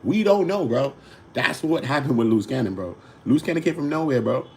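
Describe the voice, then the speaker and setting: A man from New York with a New York accent hosting a casual commentary show, swinging between loud outbursts and low mutters. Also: animated, fairly quick, vocal fry, slight background noise. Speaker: host.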